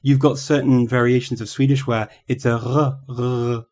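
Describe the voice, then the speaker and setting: A man's voice: mid-range voice, flat delivery, normal speed, darkish tone. A man hosting a language podcast, asking his guest thoughtful, open questions in a casual chat. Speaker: podcast host.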